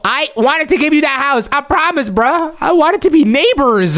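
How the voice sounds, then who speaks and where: A woman hosting a game role-play, talking in an excitable, dramatic, slangy way. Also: sits high, normal speed, hardly any pauses. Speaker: host.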